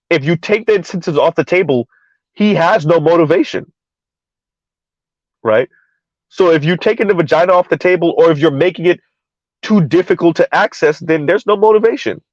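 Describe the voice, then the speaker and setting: This podcast host's voice is a little high, recorded dry with dull audio. In casual debate talk he's emphatic, repeating himself and firing rhetorical questions.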